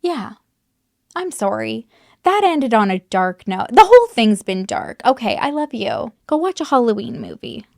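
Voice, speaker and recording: A woman's voice: fairly high pitch, sing-song, moderate pace, gravelly, darkish tone, dry recording. Woman youtuber talking true crime, blunt, swears a lot, kinda under the weather, super dry close sound. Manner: candid, swears freely, many likes and you knows. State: recovering from illness, on antibiotics. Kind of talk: casual true crime commentary to camera.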